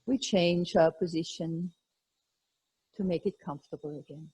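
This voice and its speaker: A woman teaching a yoga class, guiding breath and meditation in a slow, calm, soothing way. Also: on the low side, slightly rough, poor audio. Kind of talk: guided yoga instruction.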